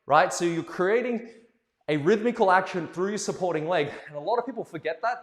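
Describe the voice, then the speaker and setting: Playful dance teacher in an echoey room. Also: male voice, high-pitched, brisk. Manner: playful, animated, joking asides, counting beats aloud. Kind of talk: live dance lesson. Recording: echoey room with long reverb.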